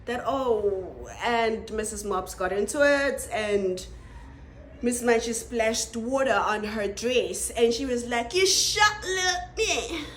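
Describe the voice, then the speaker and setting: A South African woman reviewing a reality show in a casual, animated way, laughing and exclaiming often. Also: a little high, takes it slowly, slight background noise.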